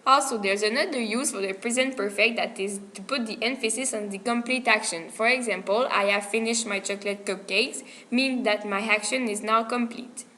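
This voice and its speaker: Bright-voiced woman presenting a grammar lesson. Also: fairly high pitch, normal speed, few pauses, slight background noise. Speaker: student presenter. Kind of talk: reading a prepared grammar explanation.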